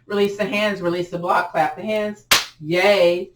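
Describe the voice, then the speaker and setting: A woman leading a gentle yoga class, giving upbeat, cheering cues with chatty asides, her voice a little cracked as she clears her throat. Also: medium pitch, fairly even intonation, takes it slowly, heavy background noise. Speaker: yoga instructor. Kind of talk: guided yoga class instruction. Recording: echoey room, distant mic.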